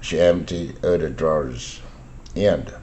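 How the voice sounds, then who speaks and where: An older man reads English vocabulary words and example sentences for learners. His voice is very low and his pace unhurried and deliberate. A faint hum of room ambience sits behind him. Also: a little mellow. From Taiwan. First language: Mandarin. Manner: slow, deliberate word-by-word reading. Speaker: English pronunciation teacher.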